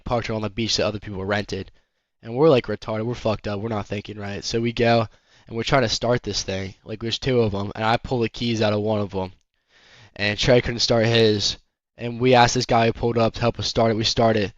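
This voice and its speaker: A man's voice: on the low side, dry recording, dull audio. Young man rambling through a storytime. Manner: rambling, heavy swearing, lots of "like". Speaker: vlogger. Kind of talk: casual storytime.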